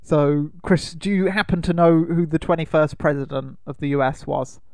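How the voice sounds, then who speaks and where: A man's voice: fairly high pitch, normal speed, a little mellow, dry recording, clean studio sound. A man co-hosting a podcast, recapping a film in a rambling, casual way, full of fillers and laughter. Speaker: podcast co-host.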